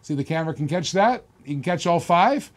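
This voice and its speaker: Brash, fast-talking male auction host. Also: on the high side. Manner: rapid-fire salesman patter, loud and excitable; brash, boastful. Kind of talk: live-stream auction patter.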